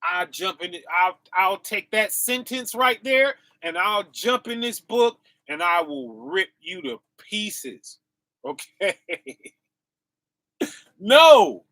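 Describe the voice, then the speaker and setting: A man giving an informal sermon in casual slang, leaning on "right?" and "y'all", chuckling to himself and swinging between quiet asides and loud bursts. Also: high voice, sing-song, slow pace, no room sound. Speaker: preacher.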